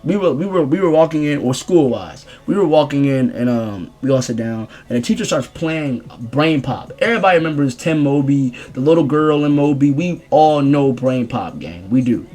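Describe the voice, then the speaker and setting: A young man rambling through a casual storytime vlog in slangy, animated speech. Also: medium pitch, normal speed, hardly any pauses. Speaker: streamer telling a story.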